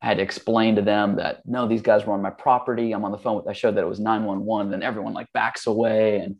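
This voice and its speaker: A man in his forties, a guest in casual conversation, telling stories in a relaxed, rambling way full of fillers and restarts. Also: fairly low pitch, fast talker, highs cut off. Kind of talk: casual storytelling.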